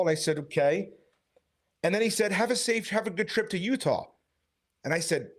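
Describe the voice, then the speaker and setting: Street preacher, male, high-pitched, animated storyteller. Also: quick pace. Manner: animated storytelling, quoting others. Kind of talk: casual conversation, retelling events.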